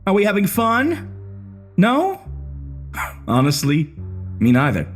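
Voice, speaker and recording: A man's voice: high voice, huge pitch swings, slow, soft background music, pitched above the performer's own voice, heavily acted. A man voicing a bitter, sneering male gunman who taunts his hostages in a horror story narration. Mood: mocking. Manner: mocking, swaggering taunts.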